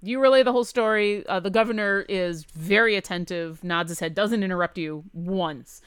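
A woman's voice: mid-range voice, moderate pace, clean tone, dry recording, studio quality. A woman narrating as game master in a chatty, descriptive way.

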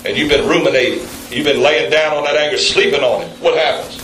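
A man preaching a sermon in a church, calling on the congregation for responses and jumping up in pitch for emphasis. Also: steady tone, fast, few pauses, a bit bright, a little hiss or hum. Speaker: pastor. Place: church sanctuary. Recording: very echoey room, mic at a distance.

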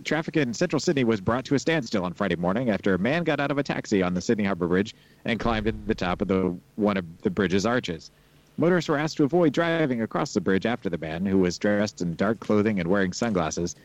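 A man co-hosting a podcast, chatting casually and reading listener emails aloud in a relaxed way. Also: lowish voice, fast, no echo, dull audio. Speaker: podcast co-host.

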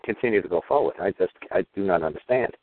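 A man's voice: low voice, animated, fast, no echo. A man hosting a call-in show, talking in a rambling, emphatic and blunt way. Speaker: radio show host. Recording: dry tinny phone-line sound.

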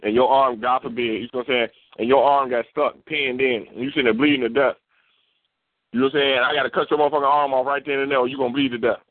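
A man in casual chat, profane and animated, acting out the voices of people in his stories. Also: medium pitch, fast talker, no echo. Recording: tinny phone-like sound, dry.

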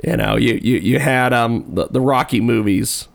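A man's voice: mid-range voice, moderate pace, vocal fry. A male radio show host interviewing a guest in a casual, rambling way, laughing often and poking fun at himself.

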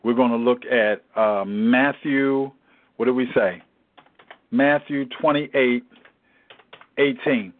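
A man's voice: mid-range voice, slow pace, long pauses. A man leading a Bible study in a preaching style, emphatic and repetitive in his exhortations. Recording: tinny phone-like sound.

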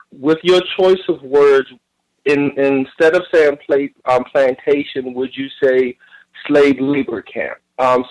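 A man's voice: medium pitch, a little mellow, low-quality recording. A man calling in to a radio show, asking long, pointed questions with many ums. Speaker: caller.

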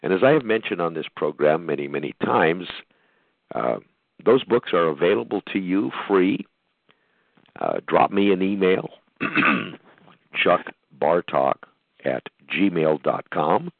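Speaking at a measured pace with vocal fry, an older American podcast host rambles through a reflective monologue, restarting and filling often. His low voice is animated, and the line sounds dry and tinny, phone-like, without echo.

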